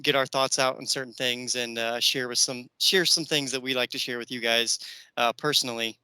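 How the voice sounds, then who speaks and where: This man hosts a movie podcast, talking eagerly and loosely with lots of fillers. His voice is mid-range and steady at a moderate pace, bright and forceful yet smooth. There's no echo, but the recording is low quality.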